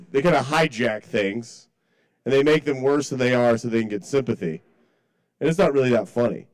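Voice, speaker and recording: A man doing a stand-up set at a small cafe open mic. He rambles through his jokes with self-deprecating, apologetic asides, heard through a stage mic. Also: mid-range voice.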